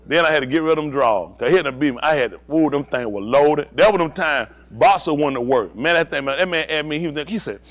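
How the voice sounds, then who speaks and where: A man telling a personal story in a casual, animated way, laughing often and acting out what others said. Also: a little high, fast talker, hardly any pauses.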